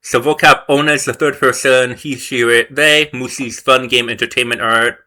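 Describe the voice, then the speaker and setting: On camera, a male language-learner vlogger works through a course, reading lessons aloud and reacting in casual self-study commentary. His mid-range voice has fairly even intonation, a moderate pace, and a sharp tone as he thinks aloud.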